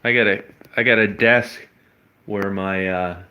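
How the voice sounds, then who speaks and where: A man's voice: lowish voice, fairly even intonation, measured pace, pushed and bright, smooth. A man, filming a casual vlog as he gets home, talking offhand and cooing to his dog. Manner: coos affectionately to his dog, calling her hon; rambling, offhand, swears casually. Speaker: vlogger. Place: arriving home in snowy weather, garage and house.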